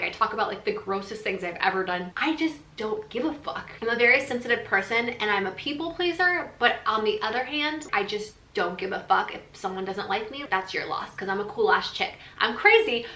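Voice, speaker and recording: A woman talks straight to her viewers in a candid, rambling storytime. Her voice is bright and forward. The room around her is roomy, with a noticeable echo. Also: medium pitch. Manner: frank and chatty, full of "like" fillers. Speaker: vlogger. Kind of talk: storytime chat.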